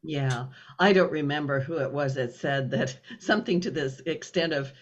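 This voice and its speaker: A man's voice: fairly high pitch, normal speed, dull audio. A man hosting an interview, chatty and a little hesitant, restarting his sentences. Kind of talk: casual interview chat.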